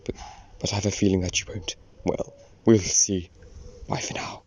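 Hoarse man, polite and formal. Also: low voice, level tone, moderate pace, a little mellow. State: hoarse from illness. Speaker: listener sending an audio clip. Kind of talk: recorded voice message review.

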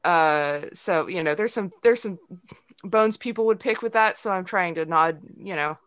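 Woman co-host, bright voice, lively anecdotal chat. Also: fairly low pitch, moderate pace, clean tone. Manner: laughs often, animated storytelling. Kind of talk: casual chat.

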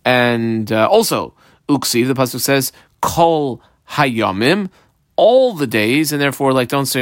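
A man leads a Talmud study lesson, his pitch rising and falling widely as he sing-songs the text. He slows on each phrase, then rushes through a chatty English explanation. The recording is close and dry. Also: very animated, fairly bright tone, no room sound. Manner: reads Aramaic phrases slowly and sing-song, then translates quickly in English; conversational explaining with fillers. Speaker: Talmud teacher.

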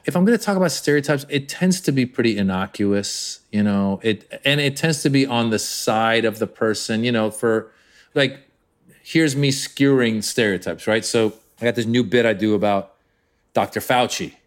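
Animated man telling comedy stories. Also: fairly low pitch, moderate pace. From Iran. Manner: animated storyteller, jumps into voices. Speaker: comedian guest. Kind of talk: podcast interview.

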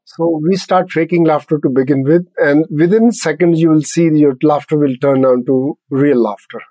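An older man speaks as a podcast guest, laughing often as he explains things in simple terms. His voice is warm and mellow, pitched a little high for a man. The recording is dry and close. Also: normal speed, no room sound, rough recording. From India. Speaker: laughter yoga founder, guest. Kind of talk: podcast interview.

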